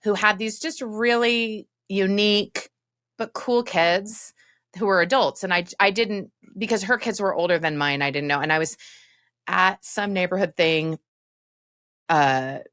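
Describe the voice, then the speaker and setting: A woman's voice: mid-range voice, measured pace, fairly bright tone. A middle-aged woman hosting a podcast, telling stories in a chatty, self-deprecating way. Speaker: podcast host. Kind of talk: casual chat.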